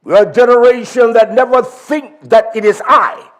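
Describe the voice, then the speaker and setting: A man's voice: extremely high pitch, fairly even intonation, normal speed, fairly bright tone. A man preaching a sermon in an emphatic, repetitive style, driving his points home.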